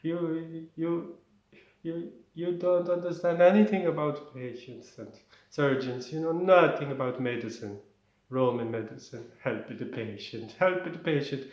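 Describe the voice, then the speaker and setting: A man plays a pompous old-world Roman surgeon lecturing his students in an exaggerated Italian accent. He scolds loudly and hammily. The voice carries a roomy echo. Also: mid-range voice, fairly even intonation, rapid-fire, hardly any pauses, dull audio, natural voice. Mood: indignant.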